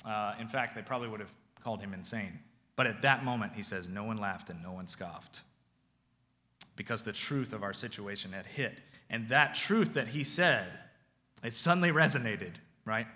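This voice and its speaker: Bright-voiced preacher in a reverberant hall. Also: male voice, lowish voice, moderate pace. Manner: conversational preaching, swings from loud to hushed. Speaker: pastor. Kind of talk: sermon.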